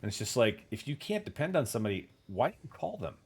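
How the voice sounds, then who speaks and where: A man's voice: mid-range voice, big pitch swings, fast talker, breathy edge. A man hosting a casual livestream chat, telling rambling stories with casual swearing and answering viewer comments. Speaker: podcast host.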